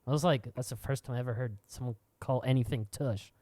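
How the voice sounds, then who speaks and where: A young man co-hosting a podcast, teasing his partner with quick one-liners. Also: mid-range voice, steady tone, darkish tone, no room sound, studio quality. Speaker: podcast co-host. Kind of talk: casual chat.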